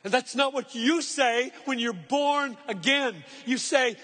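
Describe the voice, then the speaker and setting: A man preaching a sermon, earnest and emphatic, slowing down to stress key phrases as he explains scripture. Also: very high voice, fairly bright tone. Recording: long hall reverb.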